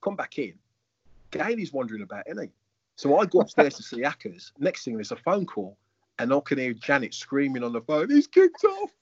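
A man, a former footballer and coach, telling lively anecdotes. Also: mid-range voice, brisk, slightly rough, no echo, muffled recording. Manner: animated, acts out quoted voices. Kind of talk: anecdotal storytelling.

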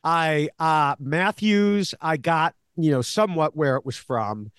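Recapping episodes as a podcast co-host, this longtime show analyst chats casually, stumbling through fillers and restarts. His fairly high voice is measured, fairly bright, clear and resonant, captured in clean studio sound without room noise.

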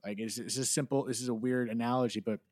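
A man's voice: medium pitch, fairly even intonation, fast, darkish tone. A man in his thirties from New Jersey, a podcast guest speaking earnestly and candidly in a reflective interview, with casual swearing. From New Jersey, USA.

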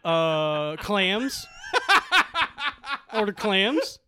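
A man on a comedy podcast telling a story in a halting, deadpan way, full of fillers. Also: high-pitched, smooth. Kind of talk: casual storytelling chat.

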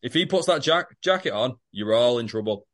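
A man's voice: mid-range voice, animated, fairly quick, a bit bright. A man co-hosting a podcast, recapping a story with dry, wry asides and swearing. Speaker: podcast co-host. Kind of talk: casual comedic recap chat.

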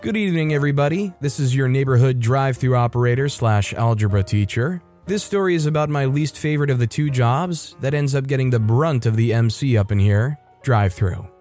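A man's voice: medium pitch, a little fast, few pauses, darkish tone, soft background music. A man narrating internet stories in a wry, playful scripted style, slipping into mock voices for quoted lines. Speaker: story narrator.

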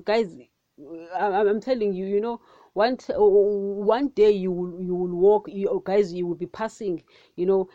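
A woman hosting a devotional podcast, talking casually and excitably, often addressing listeners as guys. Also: medium pitch, no echo, muffled recording. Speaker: podcast host.

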